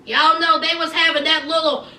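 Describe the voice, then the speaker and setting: Sassy high-voiced woman recapping gossip. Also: normal speed, recorded from a distance, a little hiss or hum. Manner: sassy, animated, acts out quotes, calls listeners honey and child. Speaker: reality TV recap host. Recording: echoey room, off mic.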